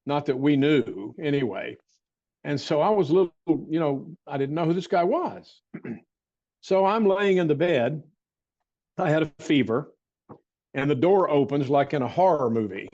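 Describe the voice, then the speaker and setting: An older man telling a personal story as an interview guest, with rambling restarts and frequent throat clearing. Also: a little high, lively intonation, normal speed, a little mellow, lo-fi sound. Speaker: interview guest, martial arts teacher.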